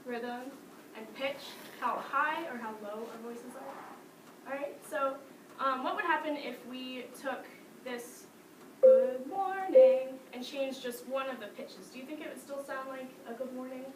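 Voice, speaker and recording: Female music teacher, bright classroom energy, higher voice, distant noisy echoey recording. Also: measured pace. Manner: lively, sing-song demonstrations with frequent laughs. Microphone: distant camera mic.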